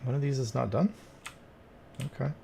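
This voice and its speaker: Gravelly man muttering at a game. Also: medium pitch, animated, normal speed, background noise. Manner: muttering, exasperated, talks to the game. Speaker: streamer playing a cleaning game. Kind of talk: casual gameplay commentary.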